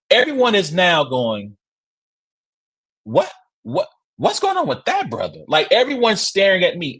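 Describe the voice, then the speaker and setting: A man hosting a sports podcast, telling stories in a casual, excitable way and often tossing in "right?" asides. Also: on the high side. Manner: excitable, acts out quotes with loud shouts; conversational, rhetorical asides like "right?". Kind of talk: casual sports reaction and storytelling.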